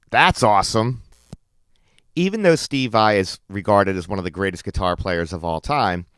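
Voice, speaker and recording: A man's voice: lowish voice, a bit bright, clean tone, dry recording, clean studio sound. A man hosting his channel, giving a casual track-by-track album review with enthusiastic, chatty talk. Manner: enthusiastic, chatty, lots of "like" and "crazy". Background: the album's music playing under the talk.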